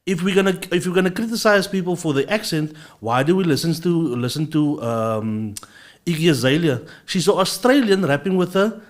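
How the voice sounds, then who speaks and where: A man's voice: a little high, expressive, normal speed. A man with a Cape Town South African accent, co-hosting a podcast chat and making his points earnestly, with many stumbling restarts. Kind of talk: casual chat.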